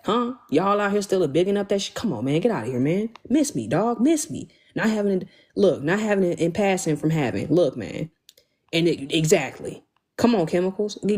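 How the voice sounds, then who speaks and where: A young woman hosting a casual livestream, talking in an animated, emphatic, slangy way and thanking viewers as she goes. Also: mid-range voice, breathy edge. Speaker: livestream host.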